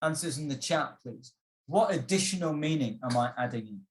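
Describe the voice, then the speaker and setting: A male IELTS instructor leads an online exam-prep lesson, patiently explaining and asking the class questions, with many fillers and restarts. His voice is on the high side with lively intonation and normal speed, in an echoey room.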